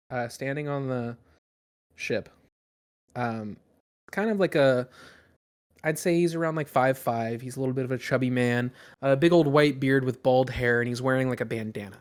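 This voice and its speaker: A man's voice: mid-range voice, a little slow, long pauses, clear, resonant tone. A man narrating as game master in a casual, rambling way with many fillers.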